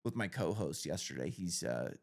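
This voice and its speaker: A man with a lowish, gravelly voice hosts a podcast interview in an easygoing way. He wanders through his thoughts with frequent "you know"s and restarts. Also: sing-song, normal speed, darkish tone. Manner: rambling, many fillers and restarts. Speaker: podcast host. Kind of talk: casual interview chat.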